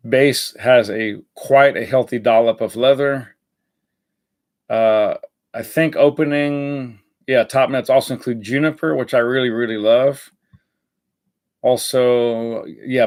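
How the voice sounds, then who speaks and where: A man's voice: mid-range voice, fairly even intonation, measured pace. Rambling man reviewing a fragrance live. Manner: rambling, many fillers and self-corrections.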